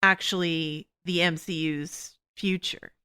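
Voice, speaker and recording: A woman hosting a podcast, talking quickly and casually, full of fillers and laughs. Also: fairly low pitch, steady tone, sharp tone, clear, resonant tone. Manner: quick, chatty, full of "you know" and laughs. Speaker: podcast host. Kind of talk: casual TV discussion chat.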